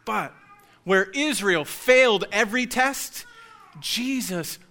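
A man's voice: high voice, expressive, slow, bright, forceful tone. A man preaching a sermon in a conversational way, joking now and then with his congregation. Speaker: pastor.

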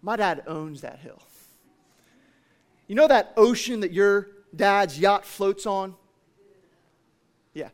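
Preacher playing a shabby girl, quietly proud. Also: high voice, slow, long pauses. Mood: calm. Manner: builds from quiet to exultant shouting.

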